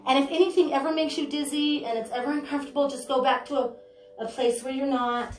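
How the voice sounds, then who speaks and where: Talking fast in a steady, high voice, a yoga instructor gives chatty, encouraging step-by-step guidance. The home studio room reverberates, and faint music plays in the background.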